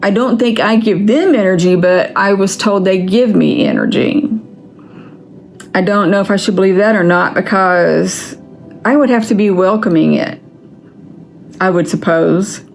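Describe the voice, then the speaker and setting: A woman's voice: medium pitch, unhurried, vocal fry, soft background music. A woman vlogger ranting in a casual vlog, angry and frustrated, with frequent swearing.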